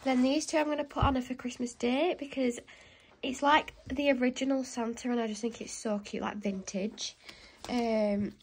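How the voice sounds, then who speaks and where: A woman's voice: on the high side, a little hiss or hum, poor audio. A young woman chatting casually to camera at home in a rambling, filler-heavy way. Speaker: vlogger. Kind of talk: casual home vlog chat. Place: home, indoors.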